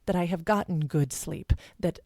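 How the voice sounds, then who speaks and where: A woman's voice: lowish voice, normal speed, mellow, no room sound, clean studio sound. A woman guest on a podcast interview, speaking in an earnest, flowing, heartfelt way. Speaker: guest, sexuality educator.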